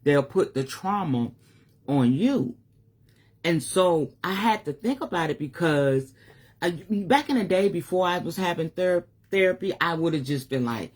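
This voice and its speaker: Middle-aged woman, spiritual advisor, open-hearted live-stream monologue with a breathy, husky edge. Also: lowish voice, animated, unhurried, a little mellow. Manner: candid and emotional, swears casually.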